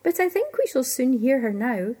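A woman doing a gentle young kitchen maid. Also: high voice, very animated, moderate pace, breathy edge, exaggerated voice. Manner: gentle, earnest, soft-spoken. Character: poor humble young kitchen girl.

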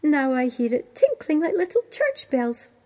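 A woman voicing an eager, naive young male servant who gushes with excitement. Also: high voice, normal speed. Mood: excited. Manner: excitable, gushing.

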